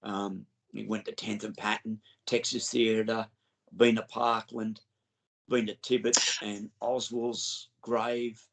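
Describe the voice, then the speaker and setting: A man's voice: on the low side, flat delivery, takes it slowly, gravelly, poor audio. An Australian man, a guest on an interview show, telling enthusiastic, rambling stories with many restarts. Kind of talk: casual interview storytelling.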